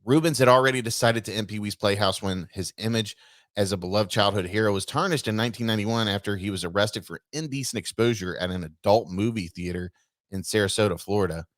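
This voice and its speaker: A man's voice: on the low side, quick pace, a bit bright, dry recording, studio quality. A man co-hosting a casual podcast, reading a news article aloud and stumbling over words with offhand asides. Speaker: podcast co-host.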